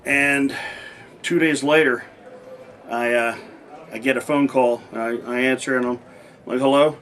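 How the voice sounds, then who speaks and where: Speaking a little slowly in a steady, slightly bright medium-pitched voice, the ex-wrestler tells stories in a casual interview. He rambles, restarts many times, and performs the dialogue of past conversations.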